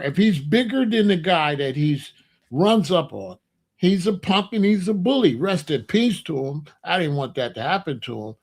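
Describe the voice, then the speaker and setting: A man's voice: fairly high pitch, creaky. A middle-aged man hosting his own commentary channel, talking in a casual opinion monologue and telling stories with sound effects and mock voices.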